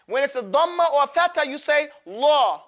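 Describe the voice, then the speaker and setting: A man teaching Quran recitation to a class, drilling students casually and modeling each word slowly, with some jokes. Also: extremely high pitch, a bit bright. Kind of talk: classroom tajweed lesson.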